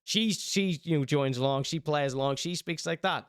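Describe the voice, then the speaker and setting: A man's voice: fairly high pitch, unhurried, clear, resonant tone, dry recording, clean studio sound. A young Irish man hosting a live-streamed chat show, reading out chat and teasing viewers in rambling, jokey banter. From Ireland. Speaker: livestream host.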